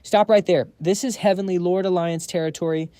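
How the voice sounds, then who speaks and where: A man's voice: fairly high pitch, moderate pace, mellow, no room sound, clean studio sound, close to an everyday voice. A man voicing a nervous, fawning male monk henchman. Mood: tense.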